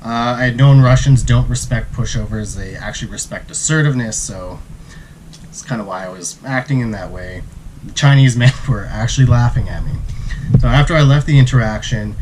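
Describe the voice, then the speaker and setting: A man's voice: medium pitch, a little fast, slight background noise, low-quality recording. Male travel vlogger, mid voice, laid-back storyteller. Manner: relaxed, acts out quotes. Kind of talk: casual storytelling.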